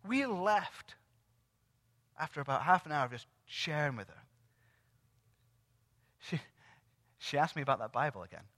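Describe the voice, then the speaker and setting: Man preacher recounting a story, animated, voices the people in it, tense bright tone in a reverberant church. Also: a little high, measured pace, pauses often. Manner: animated storyteller who acts out quoted dialogue. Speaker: church speaker sharing a testimony. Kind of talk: sermon testimony storytelling. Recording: long reverb of a large hall.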